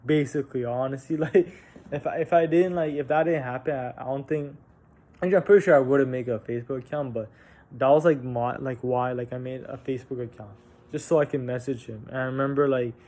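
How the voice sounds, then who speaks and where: A young vlogger casually tells a personal story, halting and candid, with frequent restarts, fillers and casual swearing. His voice is mid-range and warm.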